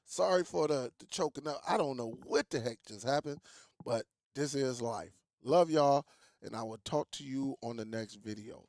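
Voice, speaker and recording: A man's voice: mid-range voice, normal speed, a little mellow. A man in a tech vlog speaks straight to his audience in a mid-range voice, repeating himself for emphasis and calling them y'all. The sound is dry and close, with almost no room echo. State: coughing, throat catching. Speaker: tech YouTuber. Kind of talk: casual vlog commentary.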